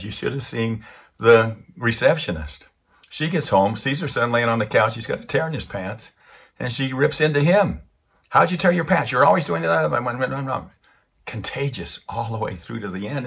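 A man giving a storytelling sermon, lively and animated, acting out the people in his stories. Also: medium pitch, creaky, husky. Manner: animated storyteller who acts out the quotes.

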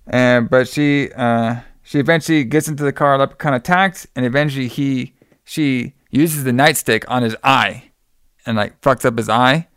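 A man's voice: mid-range voice, moderate pace, fairly bright tone, clear, resonant tone, no echo, clean studio sound. A man hosting a podcast, casually recapping a movie plot in a loose, profane, rambling way. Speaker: podcast host.

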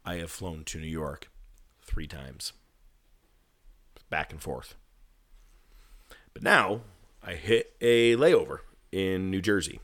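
A man casually telling a story, animated, swearing and laughing at his own misfortune. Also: low-pitched, takes it slowly, pauses often. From California.

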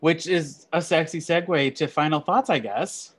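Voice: medium pitch, moderate pace, breathy edge, no echo. A podcast co-host sharing movie trivia in casual chat, often restarting sentences and correcting themselves. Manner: rambling, self-correcting delivery.

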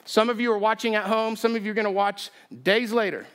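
A man preaching a sermon, telling a story with self-deprecating humor and an animated, chatty delivery. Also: high-pitched, fast, clear, resonant tone. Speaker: pastor. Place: church sanctuary.

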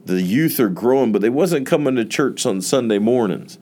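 A man's voice: mid-range voice, expressive, dark tone. A man, a pastor giving an earnest, emotional testimony in a sermon. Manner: earnest, emotional storytelling with drawn-out emphasis.

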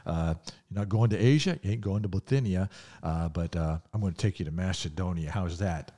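A man's voice: low-pitched, a little fast, dark tone. Older man doing God with a New York accent. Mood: breezy. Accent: put-on New York. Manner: breezy, slangy, reassuring. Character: God as a breezy New York tough guy.

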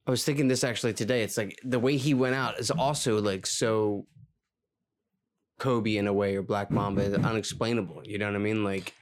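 A man's voice: fairly low pitch, fairly even intonation, a little fast. A man co-hosting a casual podcast, talking reflectively in a rambling way with many fillers. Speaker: podcast co-host. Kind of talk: casual chat.

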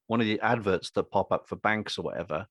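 A man's voice: lowish voice, quick pace, no echo. Chatty man, dry close sound. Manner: rambling, animated, acts out quotes. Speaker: podcast co-host and actor. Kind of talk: casual opinionated chat.

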